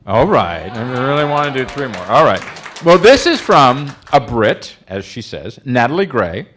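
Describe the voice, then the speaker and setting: A man's voice: medium pitch, very animated, moderate pace, fairly bright tone, slight background noise. A man interviewing a guest, reading out audience questions in a playful, teasing way. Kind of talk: casual interview chat.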